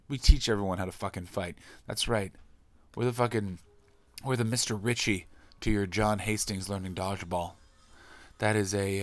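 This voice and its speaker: Profane ranting man. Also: mid-range voice. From Canada. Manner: profane, ranting, quick shifts in loudness. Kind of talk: casual storytelling monologue.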